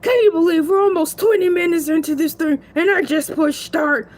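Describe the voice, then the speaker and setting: A woman's voice: very high voice, steady tone, normal speed, a little mellow. A woman voicing a cocky male shark who hosts a show, chatting playfully and bragging as he rambles. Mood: excited. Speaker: stand-in show host. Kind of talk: comedic solo character show.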